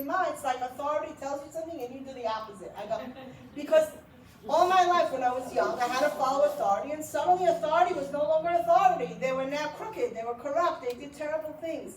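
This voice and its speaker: A woman's voice: high voice, a little hiss or hum. A middle-aged woman from Iran, an author telling stories to an audience at a library event, laughing often as she talks. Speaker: author speaking at a book event. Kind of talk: storytelling talk to an audience. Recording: roomy, distant mic.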